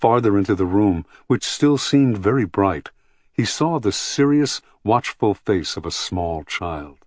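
A man narrating an audiobook in a measured, even storytelling manner, close to the mic. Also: lowish voice, no room sound.

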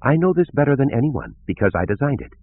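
A man's voice: mid-range voice, big pitch swings, fast, gravelly, pitched above the performer's own voice. A man voicing an earnest woman scientist who speaks in a melodious, pleading way. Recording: tinny phone-like lo-fi audio.

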